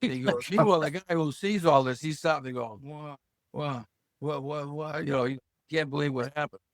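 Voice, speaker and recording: A man around seventy from Massachusetts, a podcast guest who tells lively stories and acts out the voices he quotes. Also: on the high side, fast, no room sound, clean studio sound. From Hull, Massachusetts. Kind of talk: casual storytelling interview.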